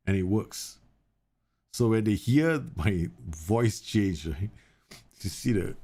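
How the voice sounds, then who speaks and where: Low-voiced gravelly guy streaming a game, chatty and rambling, thirties. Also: a little mellow. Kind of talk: casual live-stream chat.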